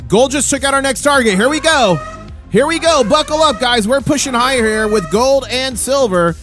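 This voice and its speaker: A man's voice: extremely high pitch, normal speed, fairly bright tone, faint music behind. Hyped man calling live metal prices. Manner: hyped, auctioneer-like calls of prices. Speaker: livestream host. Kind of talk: live market commentary.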